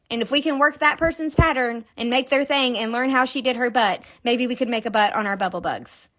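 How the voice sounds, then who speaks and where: A crochet instructor with a Kentucky accent teaches a casual, chatty lesson on a live stream, giggling and telling stories as she works. Her voice is fairly high with a fairly bright tone.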